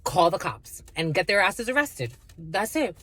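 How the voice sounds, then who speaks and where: A woman's voice: lowish voice, big pitch swings, measured pace, a bit bright, a little hiss or hum. A woman giving a casual spiritual reading, blunt and profane, laughing often and calling listeners her lovies. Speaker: spiritual reader.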